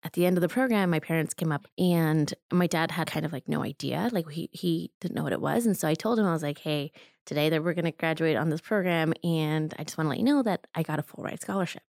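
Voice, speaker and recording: Low-voiced woman sharing an emotional story. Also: fast talker, creaky, darkish tone, no room sound, clean studio sound. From Colorado. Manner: earnest, emotional, many fillers. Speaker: community organizer. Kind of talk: personal story in an interview. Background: music.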